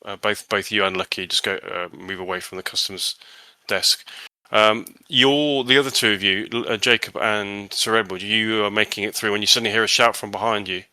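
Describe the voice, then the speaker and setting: A man's voice: fairly low pitch, steady tone, fairly quick, bright, forceful tone, no room sound. A man narrating a tabletop horror game as game master, hesitant and full of restarts.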